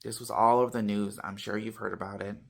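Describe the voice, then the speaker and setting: A man vlogging casually to his viewers, telling a story with animated swings between loud and soft, tagging lines with "you know" and "okay.". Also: lowish voice, fast talker, gravelly. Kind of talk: casual talk to camera.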